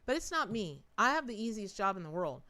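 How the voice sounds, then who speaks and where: Woman, tarot reader, live-stream reading, chatty, clear smooth voice, mid-pitched. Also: sing-song, fairly quick, pushed and bright. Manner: chatty, repeats words for emphasis, talks to viewers directly.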